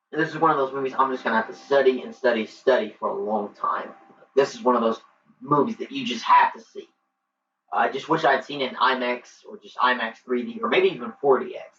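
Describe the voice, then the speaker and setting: A man's voice: medium pitch, a little fast, a bit bright, a little hiss or hum. An eager man rambles through a casual movie review, full of ums and restarts. He sits some way off the mic in an echoey room, and the sound is dull and lo-fi. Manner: eager, rambling, many fillers. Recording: roomy, distant, dull lo-fi.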